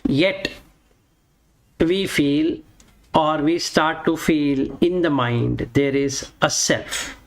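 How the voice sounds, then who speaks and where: A man giving a slow lesson on a Sanskrit scripture, chanting each verse and then explaining it word by word. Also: a little high, poor audio. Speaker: Vedanta teacher.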